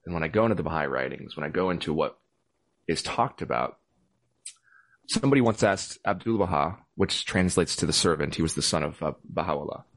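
A man's voice: very deep voice, expressive, a little fast. A man in adult years, a podcast guest, explaining his views thoughtfully in a reflective conversation.

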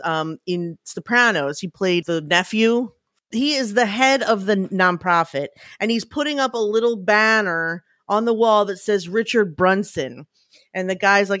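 Female podcast co-host, casual storyteller, bursts into animated impressions, dry close sound. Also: a little high, no echo. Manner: animated storytelling, breaks into loud excited impressions. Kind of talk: casual chat.

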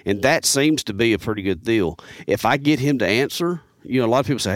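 A podcast guest who hunts turkeys tells a casual, rambling story in a studio, speaking quickly in a medium-pitched voice on a dry recording. He's animated and fills his sentences with "man" and "you know."

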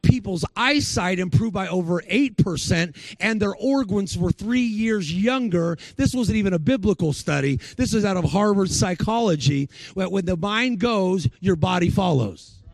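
Preacher guy telling stories in a sermon, raspy, close dry mic. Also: high voice, expressive, moderate pace, hardly any pauses, no echo. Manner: storytelling, acts out the people he quotes.

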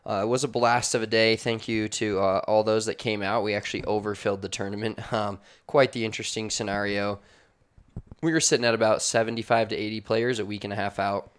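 Brash low-voiced podcast host. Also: male voice, little pitch movement, brisk, clean tone. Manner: brash, swearing, storytelling. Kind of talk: casual chat and read sponsor spot. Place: makeshift studio office.

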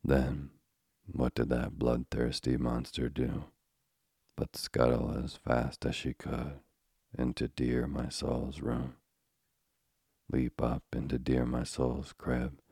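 A man reading a storybook aloud in a measured, old-fashioned way. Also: extremely low pitch, completely flat delivery, creaky, dark tone, husky, no room sound, clean studio sound. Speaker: narrator.

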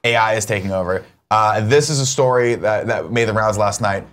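A man's voice: on the low side, brisk, fairly bright tone. A man co-hosting a casual morning show, joking and mock-alarmed as he reads out a news story. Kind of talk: casual chat.

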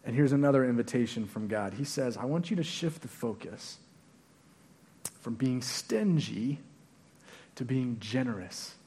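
A man's voice: medium pitch, lively intonation, unhurried, pauses often, dark tone, slightly rough. A male pastor giving a sermon in a conversational way, leaning hard on stressed words. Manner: conversational preaching with emphatic stresses.

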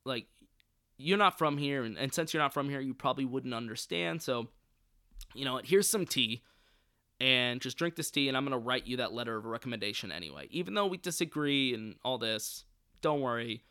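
A man's voice: medium pitch, lively intonation, brisk, sharp tone, smooth, dry recording, clean studio sound. A man mockingly voicing a smug board chairman who speaks in a patronizing, falsely reassuring way.

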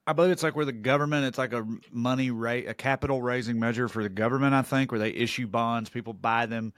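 A man's voice: medium pitch, fairly even intonation, fast, fairly bright tone, no echo, clean studio sound. A man co-hosting a podcast who throws in jokey asides and gives loose, rambling explanations. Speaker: podcast co-host. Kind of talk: casual chat.

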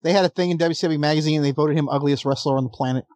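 A man's voice: fairly high pitch, racing, a little mellow, no room sound. Wry man in casual podcast banter. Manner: wry, chatty, easily laughing asides. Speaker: podcast co-host. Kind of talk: casual chat.

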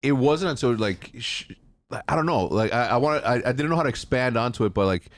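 A man's voice: mid-range voice, animated, fast. A young man hosting a casual group podcast, swearing and laughing often. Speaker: podcast host.

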